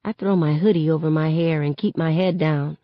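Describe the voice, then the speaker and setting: A woman reading a novel aloud in steady first-person narration that rises sharply on shouted lines. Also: sits low, a little fast, dry recording. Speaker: reader. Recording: dull lo-fi, dry sound.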